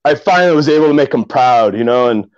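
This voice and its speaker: A man's voice: mid-range voice, animated, quick pace, darkish tone, no echo, dull audio. A middle-aged man from Omaha, a kayak angler, tells stories casually in a podcast interview, rambling with many fillers and restarts.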